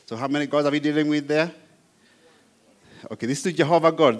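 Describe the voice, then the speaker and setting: A man's voice: fairly high pitch, normal speed, fairly bright tone. A man teaching apologetics, reading scripture verses aloud and stressing key words with emphasis. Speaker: Bible teacher.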